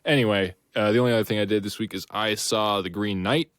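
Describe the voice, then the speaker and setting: Deep-voiced rambling podcast guy. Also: steady tone, fast talker, a bit bright, dry recording. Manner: rambling, many fillers and restarts. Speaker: podcast co-host. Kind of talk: casual chat.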